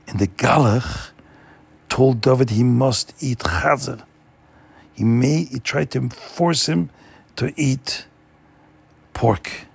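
A man telling a story in an animated, emphatic way, recorded dry and close. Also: mid-range voice, gravelly, breathy edge. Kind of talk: oral storytelling.

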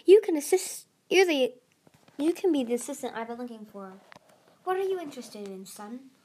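A woman voicing an eccentric, excitable male dragon scientist who talks eagerly and lectures at length, in an amateur audiobook reading. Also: high voice, moderate pace, husky, voice pushed up. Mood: eager lecturing.

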